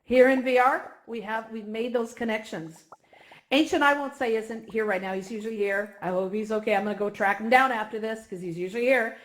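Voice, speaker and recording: A woman speaking warmly and effusively to an online community gathering. She sounds emotional, at times near tears, and talks with lively animation. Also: on the high side, a little fast. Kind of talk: heartfelt speech at a virtual reality gathering.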